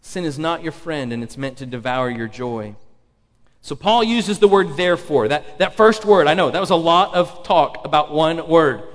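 High-voiced pastor preaching in a reverberant hall. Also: male voice, expressive, moderate pace. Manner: emphatic, repeats key phrases, asks the congregation rhetorical questions. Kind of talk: sermon.

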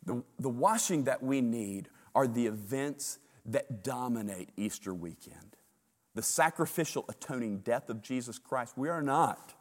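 Brief: male pastor, mid-pitched, expressive sermon storytelling. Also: big-room sound. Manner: animated storytelling, repeats words in bursts.

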